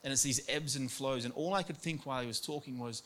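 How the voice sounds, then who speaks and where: A man's voice: mid-range voice, quick pace, few pauses, a bit bright. A man preaching a sermon in an earnest way, acting out quoted voices and repeating words for emphasis. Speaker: pastor.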